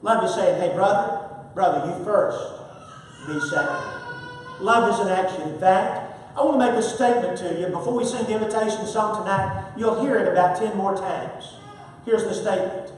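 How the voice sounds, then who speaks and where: A man's voice: high-pitched, moderate pace, a little hiss or hum. Emphatic preacher man, echoey hall. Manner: emphatic, repetitive, rises and falls in volume. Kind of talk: sermon. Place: church sanctuary. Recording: echoey hall, picked up from far off.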